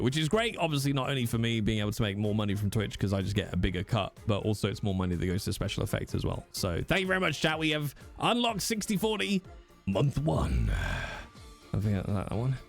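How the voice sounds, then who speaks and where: A man's voice: fairly low pitch, big pitch swings, fast talker. A man, chatting casually and swearing freely as he talks to his stream viewers. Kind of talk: casual livestream chat. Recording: faint music behind.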